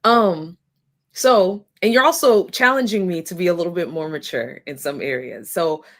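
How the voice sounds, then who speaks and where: A woman in a casual faith-based podcast chat, speaking candidly, quickly and expressively. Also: fairly low pitch, a bit bright.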